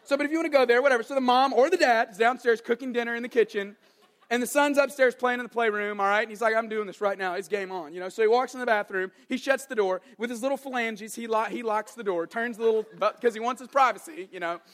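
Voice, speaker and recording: A young adult man preaching a sermon as an animated, joking storyteller. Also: very high-pitched, fast. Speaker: pastor.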